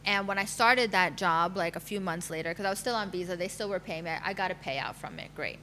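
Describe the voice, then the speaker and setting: A woman's voice: lowish voice, a little fast, sharp tone, slight background noise. A woman in her thirties, a matchmaker, telling her own career story candidly in a podcast interview, with fillers and laughter. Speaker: guest, matchmaker.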